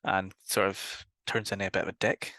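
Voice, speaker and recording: A man's voice: sits low, flat delivery, brisk, creaky, pushed and bright, no room sound. A man with a Northern Irish accent, co-hosting a casual podcast. He talks eagerly, laughs a lot and swears freely. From Northern Ireland. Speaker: podcast co-host. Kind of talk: casual chat reviewing a film.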